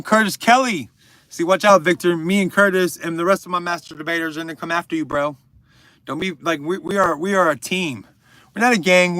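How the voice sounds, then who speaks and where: A man's voice: a little high, pushed and bright, dry recording. A man in his thirties hosting a livestream, casually reading viewer comments and answering them with crude, rambling jokes. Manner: joking, crude and rambling, addressing viewers by name. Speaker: livestream host.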